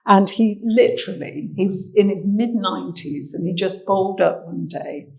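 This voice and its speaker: A woman's voice: medium pitch, fairly even intonation, normal speed, vocal fry, rough recording. An English woman, a social history researcher, giving a chatty, anecdotal armchair talk about old photographs, with fillers. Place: indoor talk venue.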